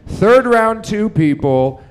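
A man's voice: sits high, expressive, slow pace, clear, resonant tone. A young man hosting a live comedy show, rambling and profane, full of fillers and restarts. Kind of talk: stand-up hosting banter.

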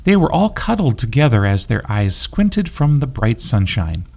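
A man reading a children's story aloud, gentle and expressive. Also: medium pitch, moderate pace, gravelly. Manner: gentle, expressive, sing-song.

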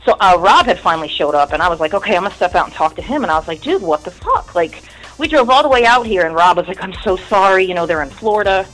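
A woman's voice: lowish voice, animated, fast, a bit bright, soft background music, poor audio. A woman in her thirties, a guest in an interview, telling her story in a candid, rambling way and swearing often.

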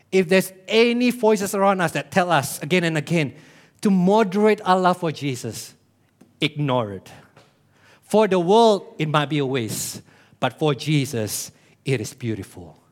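A male pastor, preaching a sermon in a church, animated, with rhetorical questions and sudden drops to a hush. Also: a little high.

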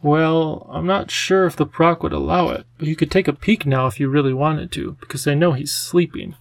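A man voicing a charming, theatrical male cat with a genteel, drawn-out, fussy way of talking. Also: fairly high pitch, fairly even intonation, vocal fry, dry recording. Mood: coaxing.

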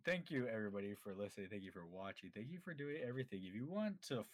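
A man's voice: lowish voice, sing-song, fast, no room sound. Rambling young man, dry close sound. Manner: rambling, filler-heavy, laughs often. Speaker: podcast co-host. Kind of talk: casual podcast chat.

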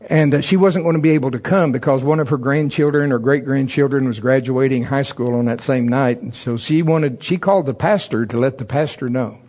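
A man's voice: brisk, hardly any pauses. A man preaching a sermon to a congregation, telling a personal story with humor and laughing through it. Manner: animated, voice jumps high and loud in excited retellings; humorous, laughs through his own stories. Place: church service before a congregation.

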